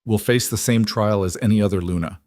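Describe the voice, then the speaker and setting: A man voicing a commanding male wolf king who speaks flatly and curtly. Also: lowish voice, fairly quick, dry recording, studio quality, lightly acted. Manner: flat, curt.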